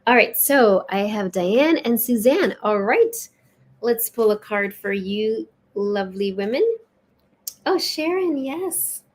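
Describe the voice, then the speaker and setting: A woman's voice: on the high side, slow. Chatty woman reading oracle cards. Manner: warm, chatty, lilting and expressive, with soft laughs. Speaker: spiritual teacher hosting a live session. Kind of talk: casual live-stream chat and oracle card reading.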